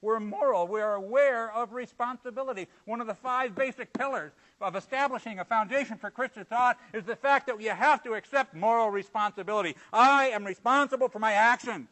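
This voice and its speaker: A male preacher in full sermon mode, his voice pitched high and ringing bright. He jumps from loud, forceful emphasis to hushed, low asides. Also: fairly quick, hardly any pauses, low-quality recording.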